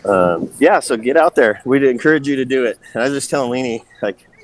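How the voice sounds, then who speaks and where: A man reporting from a music festival, chatting in a relaxed, easygoing way on a call. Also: medium pitch, brisk, rough recording. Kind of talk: casual chat by phone call.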